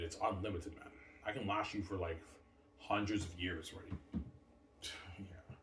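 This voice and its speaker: A man's voice: deep voice, steady tone, a little slow, pauses often, fairly bright tone, a little hiss or hum. A middle-aged man talking in a rambling, repetitive monologue, circling back to the same points and tossing in "man" often. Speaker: vlogger. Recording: roomy echo from a distant mic.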